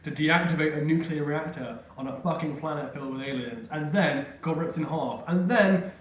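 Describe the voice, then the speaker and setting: A man's voice: fairly high pitch, moderate pace. Laughing man in an echoey room. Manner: laughs often, animated, swears, puts on silly quoted voices. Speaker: podcast co-host. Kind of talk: casual chat. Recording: echoey room with faint noise.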